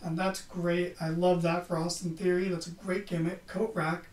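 This podcast host has a high, slightly mellow voice with a level tone and moderate pace. He gives a casual, sarcastic wrestling recap, swearing freely, and the recording sounds roomy, as if he's sitting far from the mic.

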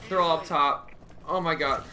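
A young man talks through a live shooter match into his headset, his voice very bright and a touch high. He mutters quick callouts, then snaps into loud frustrated yelling when things go wrong. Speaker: gamer streamer. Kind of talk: live gameplay commentary.

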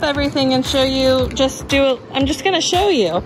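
A woman chatting casually through a shop-with-me vlog, excitable and laughing often as she shows her thrift finds. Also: high voice, fairly quick, over music. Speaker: thrift reseller vlogger. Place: busy thrift outlet store, then at home.

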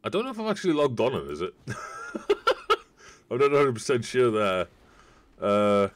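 While playing a video game on stream, a man chats to viewers in a loose, rambling way as casual gameplay commentary. His medium-pitched voice moves in big pitch swings at normal speed.

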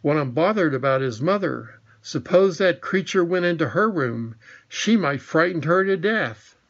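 A man's voice: fairly high pitch, lively intonation, normal speed, highs cut off. A man reading the part of an anxious young boy who pleads and gets flustered. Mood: pleading.

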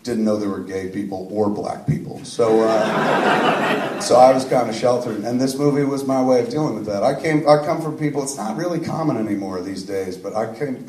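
Man, rambling profane storyteller, low-pitched voice, echoey room, distant mic, faint background noise. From suburban New Jersey. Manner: profane, rambling, self-deprecating. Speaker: filmmaker answering audience questions. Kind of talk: live Q&A storytelling.

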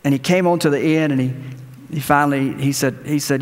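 A man's voice: on the high side, fairly even intonation, brisk. A man preaching a sermon as pastor, telling a story and leading the congregation in prayer. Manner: conversational preaching with anecdotes, ends in prayer. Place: church sanctuary. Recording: church hall reverb.

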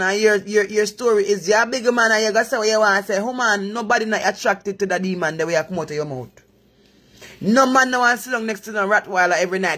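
Husky Jamaican woman giving live advice. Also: medium pitch, fast, fairly bright tone. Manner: earnest, advising, in patois-laced talk. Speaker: live-stream host. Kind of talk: preachy live chat.

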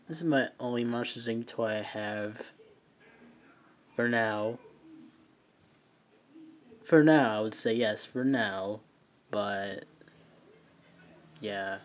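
A young man talks through a casual toy vlog into a phone held in his hand. His speech is halting and rambling, full of fillers and restarts, with an emotional edge. His voice sits at an ordinary middle pitch. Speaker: vlogger. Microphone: handheld phone camera.

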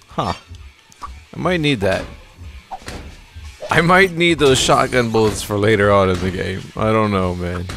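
A man's voice: mid-range voice, vocal fry, fairly bright tone. A man giving jokey let's-play commentary and talking back to the enemies in the game. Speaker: gaming video host.

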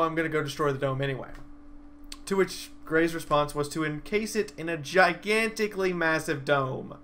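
A young man excitedly recapping a live-action role-play battle in a vlog, a dramatic storyteller whose voice leaps up and down. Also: slight background noise. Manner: animated, dramatic storyteller with big swings in pitch and loudness.

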